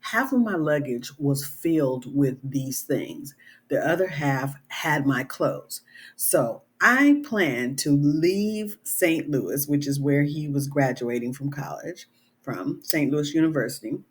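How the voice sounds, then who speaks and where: Slow, husky middle-aged woman. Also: deep voice, expressive. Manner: earnest, conversational, many "you know" and "right?" tags. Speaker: author. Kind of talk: casual vlog talk.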